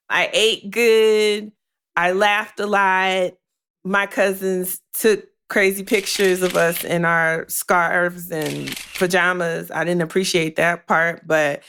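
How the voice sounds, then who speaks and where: Swearing freely, a career podcast host speaks bluntly and with animation as she coaches her audience in a casual monologue. She has a medium-pitched, slightly bright voice.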